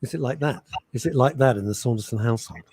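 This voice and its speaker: A man's voice: medium pitch, fast, darkish tone, breathy edge, no room sound. A man co-hosting a casual radio chat show, joking while reading listener messages.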